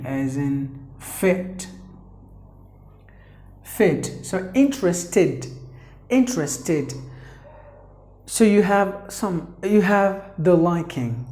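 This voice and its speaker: Woman, pronunciation teacher, slow deliberate lesson, spells letters and repeats words, echoey room. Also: deep voice, warm tone. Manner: spells out letters and repeats each word several times.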